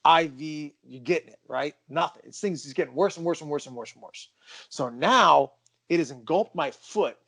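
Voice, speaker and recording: A man's voice: a little high, moderate pace, vocal fry, fairly bright tone, breathy edge. A man co-hosting a podcast, telling a personal story in an emphatic, casual way and stressing that it is true. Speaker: podcast co-host.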